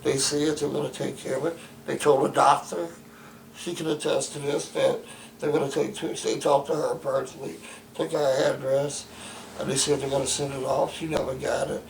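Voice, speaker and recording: Gravelly man, stammering formal complaint. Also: mid-range voice, flat delivery, moderate pace, reverberant, a little hiss or hum, rough recording. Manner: stammering restarts, formal wordy phrasing. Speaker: interviewee describing his care. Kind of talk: emphatic complaint. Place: home bedroom.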